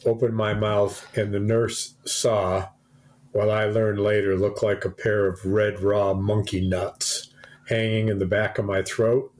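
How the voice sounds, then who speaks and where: A podcast co-host tells a rambling story in casual conversation, restarting often. He speaks in a fairly low, level voice that is unhurried and a little mellow.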